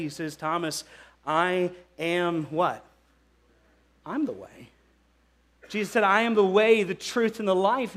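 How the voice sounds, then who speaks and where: High-voiced animated preaching man. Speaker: pastor. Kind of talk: sermon.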